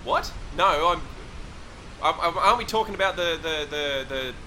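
A man's voice: on the high side, animated, normal speed, pushed and bright, slight background noise, pitched above the performer's own voice, poor audio. A man playing a bumbling field reporter who rambles and hesitates with lots of uh and um. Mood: befuddled.

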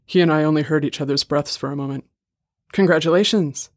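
A man reading a short story aloud in a steady, measured way. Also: fairly high pitch, no echo, clean studio sound. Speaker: story reader. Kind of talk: scripted narration.

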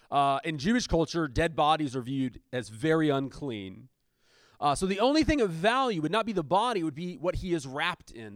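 The pastor's voice sits a little high, captured dry and at studio quality. In a conversational sermon he reads scripture, then stops to unpack it with casual asides and fillers, shifting between reading and lively commentary.

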